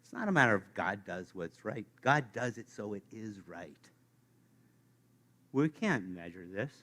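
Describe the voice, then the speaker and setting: Animated male preacher, lively voice. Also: lowish voice, a little slow. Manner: animated, playful, addresses congregation directly. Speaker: pastor. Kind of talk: sermon. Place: church sanctuary.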